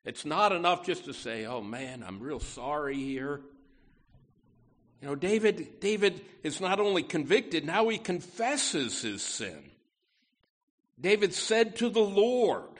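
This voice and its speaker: A man's voice: a little high, sing-song, a little slow. A man preaching a conversational sermon in a folksy way, full of asides and stressing key words. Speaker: pastor.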